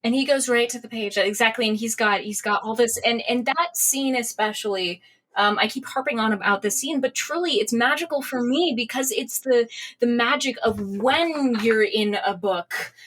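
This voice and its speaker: Woman historian guest, fairly high voice, earnest, passionate about her subject. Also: normal speed, fairly bright tone. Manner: earnest, builds to heartfelt speeches. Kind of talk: enthusiastic podcast discussion.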